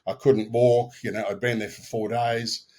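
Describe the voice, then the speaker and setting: Aussie guy in his 60s, bit husky, blunt storyteller, does the voices of people he quotes. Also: medium pitch, moderate pace. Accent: Australian. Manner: animated storyteller who acts out quoted dialogue; frank and earthy, with mild swearing. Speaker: podcast guest. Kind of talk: personal storytelling in an interview.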